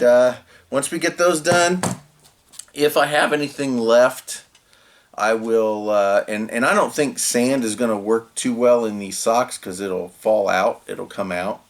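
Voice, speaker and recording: A man's voice: medium pitch, a little hiss or hum. A man, the host, casually talking through a homemade gear project as he works, rambling with filler words and restarts. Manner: relaxed, rambling, lots of "uh" and restarts. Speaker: channel host. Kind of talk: casual DIY tutorial narration.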